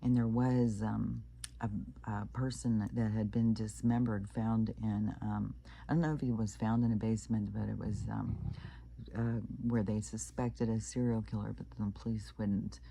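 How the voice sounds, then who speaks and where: A man's voice: lowish voice, level tone, normal speed, creaky, mellow, a little hiss or hum. A man from Kansas casually telling a creepy anecdote, rambling with many fillers and restarts. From Kansas, United States. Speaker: channel host. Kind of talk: casual storytelling.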